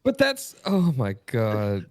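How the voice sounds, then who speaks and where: Incredulous man, mid-pitched voice. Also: huge pitch swings, a little mellow. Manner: incredulous, exasperated, drawn-out reactions. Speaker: podcast co-host. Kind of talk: casual chat.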